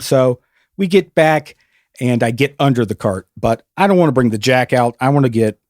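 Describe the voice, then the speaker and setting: A man's voice: mid-range voice, animated, normal speed, a little mellow, no room sound, clean studio sound. A man hosting a podcast, telling an awkward story in a casual, self-mocking way and laughing easily. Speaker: podcast host.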